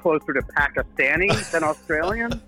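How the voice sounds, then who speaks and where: Bright-voiced earnest man. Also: a little high, animated, normal speed, soft background music, rough recording. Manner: earnest and self-deprecating, laughs easily. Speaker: guest actor and filmmaker. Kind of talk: casual interview over a call.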